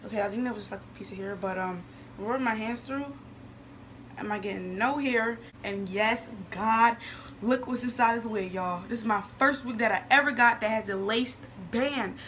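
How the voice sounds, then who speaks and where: Excited young woman vlogger, slightly high. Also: normal speed, a little hiss or hum. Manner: excited, chatty, addresses viewers as y'all. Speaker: beauty vlogger. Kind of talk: casual wig unboxing vlog.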